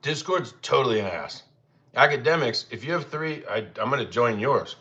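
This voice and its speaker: Lively in intonation and fairly bright in tone, a young man at a moderate pace casually chats with viewers while hosting a cooking livestream. He's easygoing and talkative, switching to a higher voice for his dogs, all in slightly dull lo-fi sound.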